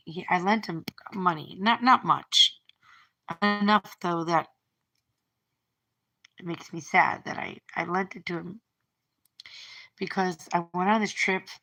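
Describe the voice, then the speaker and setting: A woman's voice: fairly low pitch, vocal fry, pushed and bright. A middle-aged woman talking through a breakup on a phone livestream, rambling and repeating her words as she retells what was said. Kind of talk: emotional personal monologue.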